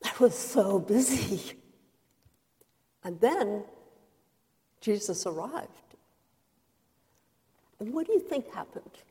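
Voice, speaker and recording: Woman performing Martha, busy indignant hostess, dramatic monologue, unhurried, long hall reverb. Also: mid-range voice. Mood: hurried. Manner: earnest, expressive storytelling with quoted outbursts. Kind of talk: dramatic first-person monologue.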